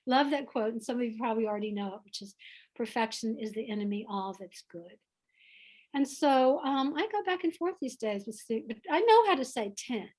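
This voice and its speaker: A woman from the American South talks in a reflective, heartfelt way, her Southern accent clear in every phrase. Her voice sits slightly high for a woman, and she takes her time. It sounds like a video call. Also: lively intonation, darkish tone. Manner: earnest, heartfelt, unhurried. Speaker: author guest.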